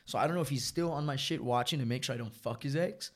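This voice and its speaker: A young man casually telling a long, profane story, rambling and animated. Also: mid-range voice, fast talker.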